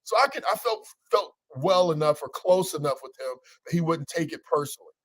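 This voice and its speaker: High-voiced energetic man coaching. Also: a little fast, dry recording, rough recording. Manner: energetic, teasing, preacher-like repetition. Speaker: coach and show host. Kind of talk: casual motivational talk.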